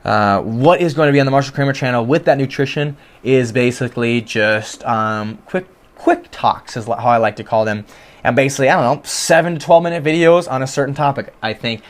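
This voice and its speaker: In a medium-pitched voice at a slightly fast clip, a young man hosts his own podcast from his home bedroom. The casual solo monologue is earnest, self-reflective and rambling, with many restarts.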